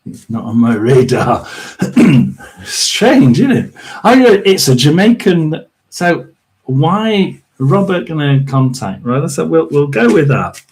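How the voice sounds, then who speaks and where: A man's voice: fairly high pitch, sing-song, takes it slowly, a little mellow. Chatty man reading tarot live. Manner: rambling, chatty, many fillers and throat clearing. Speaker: tarot reader and livestream host. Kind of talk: casual livestream tarot reading.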